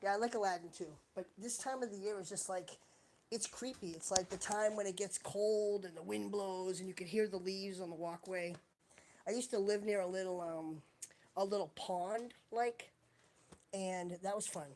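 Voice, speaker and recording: A woman's voice: mid-range voice, steady tone, normal speed, a little mellow, slight background noise. Rambling, chatty woman on a home live stream. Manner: chatty, wandering, searches while talking. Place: at home, indoors.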